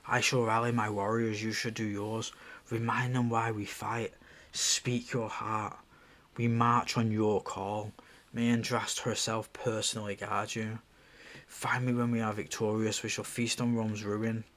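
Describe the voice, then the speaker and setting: A bold, loyal Celtic chieftain pledging his warriors, read by a man. The delivery is slow and deliberate, and the voice is fairly low. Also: flat delivery, fairly bright tone. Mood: rousing.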